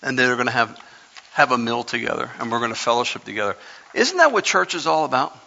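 A man's voice: medium pitch, very animated, quick pace, creaky, pushed and bright. A man preaching a sermon in church into a microphone, fervent and folksy, building up to hollering. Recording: reverberant hall, dull lo-fi sound.

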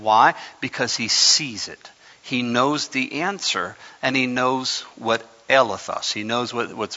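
Fervent preacher with a gravelly voice. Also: male voice, mid-range voice, bright, forceful tone. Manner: fervent, builds to hollering, folksy asides. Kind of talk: sermon. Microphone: microphone. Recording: reverberant hall, dull lo-fi sound.

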